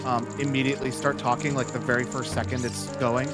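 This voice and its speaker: A man's voice: mid-range voice, level tone, fairly quick. A man chatting casually on a live stream, talking hesitantly with many fillers. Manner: hesitant, lots of fillers and restarts. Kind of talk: casual chat. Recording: game music behind voice. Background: game music.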